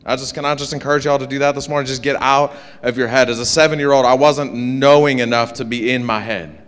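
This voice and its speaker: A man's voice: mid-range voice, fairly even intonation, fast talker, smooth. A man pastor telling his personal testimony to a congregation, earnest and rambling, with many fillers and restarts.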